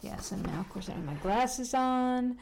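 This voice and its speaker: A woman's voice: a little high, lively intonation, normal speed, vocal fry, darkish tone, a little hiss or hum. A woman hosting a podcast from home, chatting casually, rambling with lots of fillers and restarts, and walking around the room as she talks. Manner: moves around the room while talking. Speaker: podcast host. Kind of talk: casual chat.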